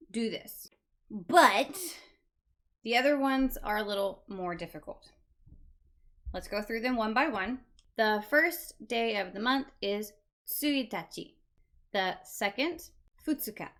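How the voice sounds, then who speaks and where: A woman's voice: fairly high pitch, a bit bright. A woman teaching a beginner Japanese lesson, patiently repeating each word for learners. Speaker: language teacher.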